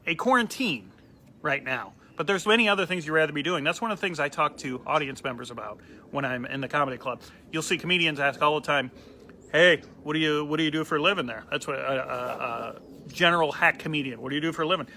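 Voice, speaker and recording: Speaking with a fairly high-pitched male voice, this comedian spins a funny story in a casual, lively manner. He performs the quoted lines as he goes.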